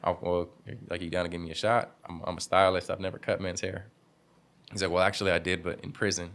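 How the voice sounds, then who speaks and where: A young man with a very low, deep voice tells stories from his barbershop in a relaxed interview. He talks loosely with slang, laughs easily and slips into the voices of people he quotes. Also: fast, gravelly. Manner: laid-back, laughing, slangy, acts out quotes. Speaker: barbershop owner, guest. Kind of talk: casual interview storytelling.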